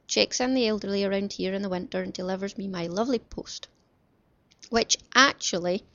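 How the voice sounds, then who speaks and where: Female podcast host, gravelly edge, chatty and self-mocking, dry lo-fi home sound. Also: medium pitch, a bit bright, no room sound. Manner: cheerful, rambling, self-deprecating asides. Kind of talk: chatty craft podcast talk. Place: bedroom at home. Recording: slightly dull lo-fi home recording.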